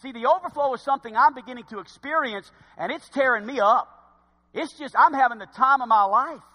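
A man preaching a sermon and retelling a scripture story, swinging from loud bursts to hushed asides. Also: sits high, long reverb tail.

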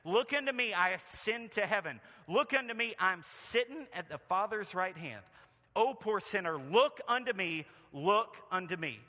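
A man's voice: high-pitched, animated, moderate pace, sharp tone, big-room sound, voice pushed up, exaggerated voice. A man voicing a thin, rustic lay preacher who calls out emphatically and pleads with his hearers. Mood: pleading.

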